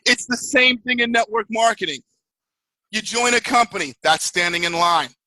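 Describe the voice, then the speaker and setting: A man giving a motivational talk as a network marketing mentor, telling stories in an animated way and acting out screaming riders. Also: high-pitched, normal speed, dry recording, poor audio.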